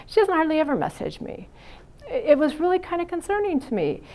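Frank, gravelly middle-aged woman lecturing. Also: high voice, huge pitch swings, a little fast, darkish tone. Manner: frank, chatty, anecdotal, many "you know" fillers. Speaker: psychiatric nurse lecturer. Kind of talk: university lecture. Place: university classroom.

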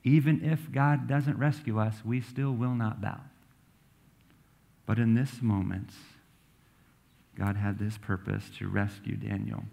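A man's voice: lowish voice, steady tone, slow pace, creaky, pauses often, mellow. A man pastor preaching a sermon in a church, reading scripture aloud and breaking into casual asides. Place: church sanctuary.

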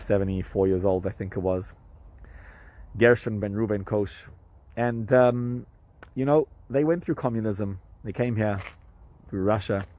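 A man, a rabbi, telling a story to camera in an animated way, with hesitant restarts and fillers. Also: poor audio. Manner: animated, jumps up in pitch for quoted speech.

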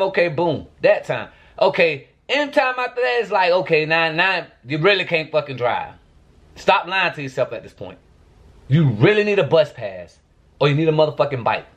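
A man's voice: fairly high pitch, highs cut off. A man vlogging to camera, venting in a profane, exasperated rant.

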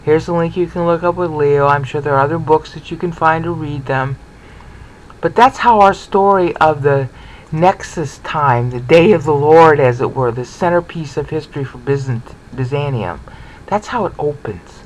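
Male teacher, slightly high voice, informal lecture, checks in often with listeners. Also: normal speed, a little hiss or hum, low-quality recording. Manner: chatty, asks "okay?" often. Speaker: Bible teacher. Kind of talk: informal lecture over slides.

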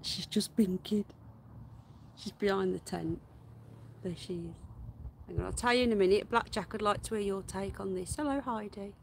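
A woman with a rough, fry-edged voice that sounds unwell and worn, chatting loosely to her viewers. She keeps slipping into a high, drawn-out baby voice for her animals. Faint outdoor noise hums behind her. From United Kingdom. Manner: coos at pets in a high, slow baby voice between chatty asides to viewers. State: unwell, voice going. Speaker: livestream host. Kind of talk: casual live-stream chat. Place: garden outdoors.

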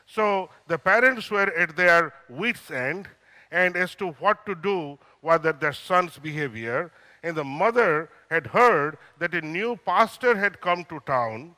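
An older man preaching a sermon and telling a story, slow and deliberate with frequent fillers. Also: on the high side, pushed and bright. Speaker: pastor. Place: church hall. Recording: church hall reverb.

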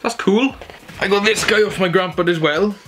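A man's voice: high voice, moderate pace, a bit bright. A young man, chatty and enthusiastic, showing off his Christmas gifts at home in a casual haul video. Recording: background music under the voice. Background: music playing.

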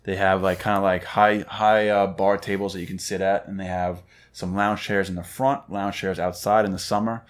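On a cigar lounge podcast set, a male co-host chats casually and tells stories in a low, level voice at a moderate pace. He's laid-back, swears casually, and acts out his funny stories.

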